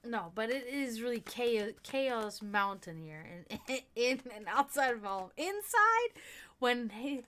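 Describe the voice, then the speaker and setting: A woman's voice: fairly high pitch, measured pace, few pauses. Chatty, foul-mouthed woman streamer. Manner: swears freely and laughs often while talking; chatty and excitable, greets viewers by name. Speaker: tarot reading streamer. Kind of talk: casual livestream chat with viewers.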